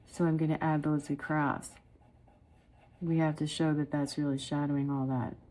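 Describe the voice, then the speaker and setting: A middle-aged woman chatting warmly through a step-by-step watercolor painting lesson, often calling her viewers "guys". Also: low voice, level tone, normal speed. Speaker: watercolor art teacher.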